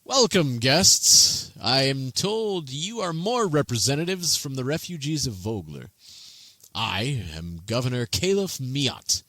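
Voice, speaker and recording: A man's voice: medium pitch, sing-song, slow, sharp tone, no echo, voice pushed up, heavily acted. A man voicing a courteous, formal male governor in a tabletop game. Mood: welcoming. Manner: polite, formal.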